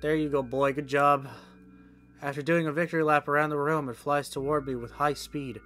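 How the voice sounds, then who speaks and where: A man with a bright, forceful voice reads a game's text aloud during a stream. He mixes the game lines with his own sarcastic remarks and cursing. Faint music plays softly behind him. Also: fairly high pitch, steady tone, normal speed. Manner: sarcastic asides, swears at the game.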